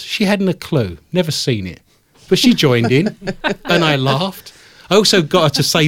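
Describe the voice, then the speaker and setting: A man's voice: mid-range voice, expressive, moderate pace, no echo. Dry-witted man hosting radio. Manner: dry, joking, rambling anecdotes. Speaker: radio show host. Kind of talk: casual radio banter. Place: radio studio.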